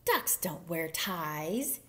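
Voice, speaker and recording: A prim, very serious little girl from a storybook, speaking slowly and earnestly with a low, steady tone, as a woman reads her part. There is a slight gravelly edge to the voice. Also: heavily acted.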